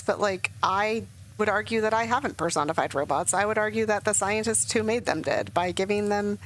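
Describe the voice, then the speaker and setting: A woman's voice: medium pitch, creaky, fairly bright tone, slight background noise, rough recording. A young woman streaming a game, chatting casually and emotionally with lots of fillers. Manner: rambling, emotional, many fillers. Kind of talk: casual gameplay commentary.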